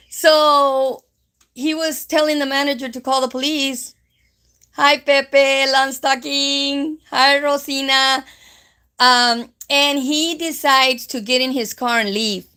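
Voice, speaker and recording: Gravelly-voiced woman in her fifties. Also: high voice, measured pace, fairly bright tone. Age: 50s. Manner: chatty, rambling, with frequent fillers; mixes Spanish phrases into English. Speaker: live-stream host. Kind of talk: casual live-stream storytelling.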